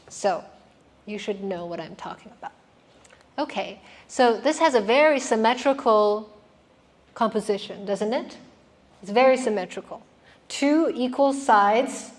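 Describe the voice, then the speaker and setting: A woman giving a classroom lecture on poetry, explaining patiently and putting questions to her students. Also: on the high side.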